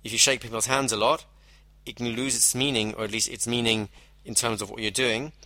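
A man gives a measured lecture on hypnosis, explaining techniques step by step and slowing down to stress key phrases. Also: fairly low pitch, sharp tone, dry recording. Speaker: hypnosis instructor. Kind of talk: teaching lecture.

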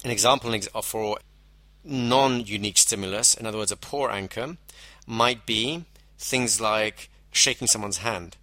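A man teaches hypnosis in a measured, explanatory way, stretching out the phrases he wants to stress. His voice is low-pitched but bright and forward, recorded dry and close with no room sound. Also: no room sound. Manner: measured, explanatory, with slowed emphasis on key phrases. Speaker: hypnosis instructor. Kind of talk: teaching lecture.

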